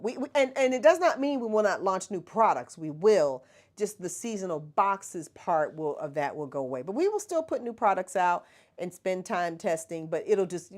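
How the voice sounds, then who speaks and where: Chatty woman with a lively voice. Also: fairly low pitch. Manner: chatty, laughs often, talks to viewers as y'all. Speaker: livestream host. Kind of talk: casual livestream chat.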